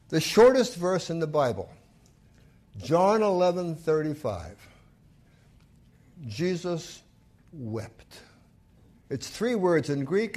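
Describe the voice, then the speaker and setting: Lively, expressive male preacher. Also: high voice. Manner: retells scripture with acted quotes, lively and emphatic. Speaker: pastor. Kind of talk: sermon.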